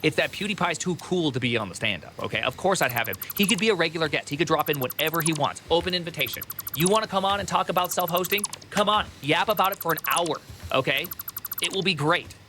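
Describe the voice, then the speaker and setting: A man casually reacting to a video during a live stream, rambling and excitable, laughing often and restarting sentences. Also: fairly high pitch, fast, slight background noise.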